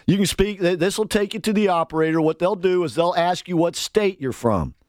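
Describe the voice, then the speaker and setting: A man with a high-pitched voice runs a political talk radio monologue, heated and mocking by turns. He pushes his listeners to pick up the phone. The sound is dry and close, with no room around it. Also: expressive, a little fast, darkish tone, no echo. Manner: fired-up, sarcastic, calls on listeners to act.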